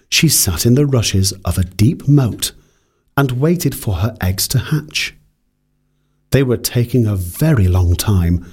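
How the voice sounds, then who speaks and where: Man, fairy tale narrator, husky, slow, lively intonation. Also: mid-range voice.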